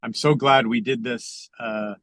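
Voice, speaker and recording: A middle-aged man speaking as a podcast guest over a video call, earnest and halting, with many fillers and restarts. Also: mid-range voice, fairly even intonation, a bit bright, dry recording. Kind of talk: reflective conversational talk.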